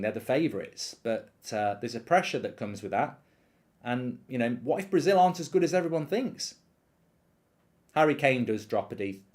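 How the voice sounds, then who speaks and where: A man's voice: mid-range voice, darkish tone. A man hosting a live football watchalong, ranting animatedly and swearing freely while telling an anecdote. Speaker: host.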